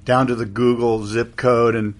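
A man's voice: mid-range voice, level tone, moderate pace. A middle-aged man co-hosting a casual podcast chat, playful and teasing, quizzing his partner. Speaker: podcast co-host.

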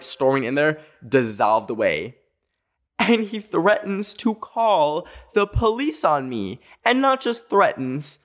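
A man in his twenties telling a story in a casual, rambling way, full of filler words, with animated pitch jumps. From Canada. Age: 20s.

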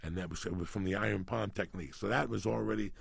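A man's voice: fairly low pitch, fast, dry recording. A middle-aged man from New York City telling rambling, profanity-laced stories in a casual chat. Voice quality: gravelly, husky. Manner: profane, rambling, animated storyteller.

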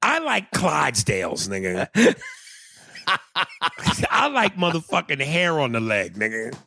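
A man's voice: medium pitch, huge pitch swings, measured pace, creaky, sharp tone, breathy edge, no echo. A man co-hosting a podcast in casual chat, boisterous and profane, often laughing. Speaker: podcast co-host.

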